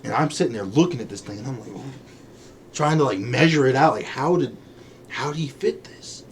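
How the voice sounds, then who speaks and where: Animated man telling a story. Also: medium pitch, brisk, crowd noise. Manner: animated storyteller, acts out quoted people, laughs often. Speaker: podcast co-host. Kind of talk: casual chat.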